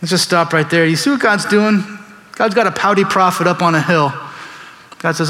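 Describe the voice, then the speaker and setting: A man pastor delivering a sermon in an animated way, acting out biblical figures in quoted voices. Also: sits high, normal speed. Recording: long reverb of a large hall.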